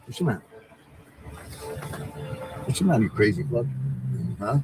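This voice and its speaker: A man's voice: mid-range voice, very animated, moderate pace, noisy background. A man calling into a livestream from a car, chatting in a laid-back, rambling and profane way. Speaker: livestream guest. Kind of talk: casual livestream chat.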